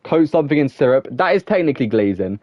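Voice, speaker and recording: A young male gaming streamer rambles on in loose, casual chat, stringing thoughts together with "like" and chuckling as he goes. His voice sits at an ordinary male pitch. The sound is dry and a little dull, like a modest home mic with no room around it. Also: very animated, quick pace, no echo. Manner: rambling and chatty, full of "like", laughs often. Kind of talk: casual live-stream chat while playing.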